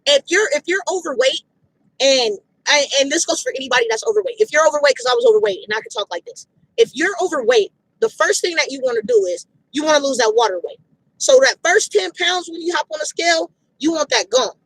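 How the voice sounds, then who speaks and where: A woman motivating listeners about fitness speaks outdoors in a casual, emphatic way, repeating points bluntly with slang. Her high-pitched voice is expressive, fast and a bit bright. The audio is poor, with no echo.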